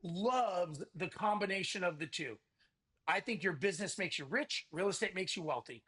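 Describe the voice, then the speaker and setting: A man, a podcast guest, talking about his business event in a lively salesman's manner and acting out quoted conversations. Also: high voice, normal speed. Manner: energetic salesman, acts out quoted dialogue. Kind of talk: casual interview talk.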